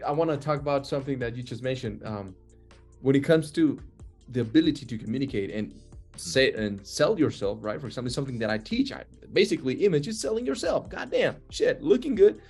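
A man's voice: medium pitch, big pitch swings, brisk, a little mellow, husky, faint music behind. A man hosting a casual podcast chat, rambling and profane, laughing often as he asks questions.

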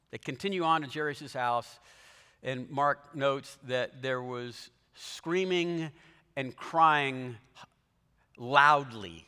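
A man preaching a sermon, telling the story with animated, dramatic swings in volume. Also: medium pitch, a little slow, clear, resonant tone. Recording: long hall reverb.

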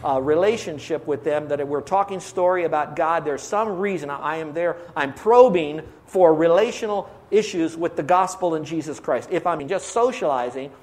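A man's voice: a little high, moderate pace, hardly any pauses, darkish tone. A man preaching a sermon as a pastor, conversational and emphatic, asking the congregation questions as he teaches.

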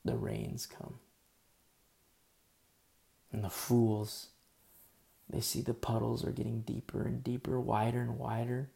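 A man's voice: mid-range voice, little pitch movement, takes it slowly, vocal fry, long pauses, dark tone. A man preaching a sermon in a conversational, emphatic storytelling way.

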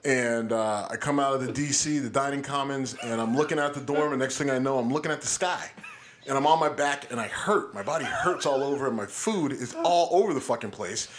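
A man co-hosting a podcast, telling a story in an animated, profane way. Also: mid-range voice, a little fast. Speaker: podcast co-host. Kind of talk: casual storytelling. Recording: background hiss.

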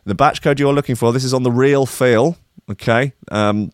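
A man's voice: mid-range voice, clean tone, no echo, studio quality. Cheeky man hosting a show. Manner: cheeky, mocking, hurried with asides. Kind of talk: comic chat.

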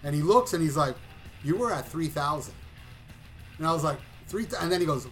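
A man casually telling a long story on a talk show, animated and profane, acting out voices and shouting at the punchlines. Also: fairly high pitch, normal speed, pauses often, soft background music. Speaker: podcast co-host.

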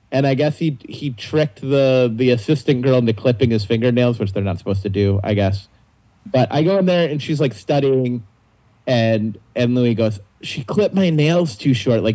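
A young male comic tells stories in a loose, animated way and laughs through them. His voice sounds dark and a little husky. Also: mid-range voice, moderate pace, poor audio. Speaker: comedian guest. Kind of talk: casual storytelling chat.

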